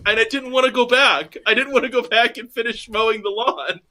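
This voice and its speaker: A man's voice: very high voice, fairly quick. A man from Indiana, a podcast guest, telling self-mocking stories in a casual chat. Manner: self-mocking, animated storytelling.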